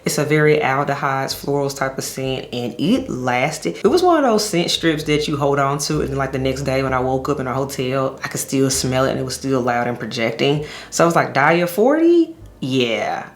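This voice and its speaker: A woman's voice: extremely low pitch, fairly quick, hardly any pauses. A woman chatting to camera as a fragrance reviewer, enthusiastic, calling her viewers y'all. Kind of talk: casual vlog chat to camera. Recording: echoey room with faint ambience.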